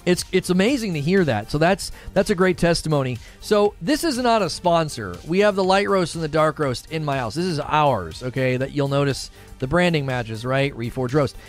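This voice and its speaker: A man's voice: fairly high pitch, expressive, normal speed, few pauses, soft background music. A man in his thirties hosting a casual live stream, upbeat and chatty, thanking viewers by name. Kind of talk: casual chat reading viewer comments.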